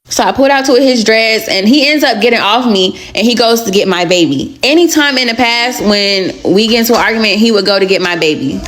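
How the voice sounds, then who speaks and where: A woman's voice: a little high, a little fast, hardly any pauses, a bit bright. A young adult woman telling a personal story in a casual storytime vlog, candid, slangy and blunt.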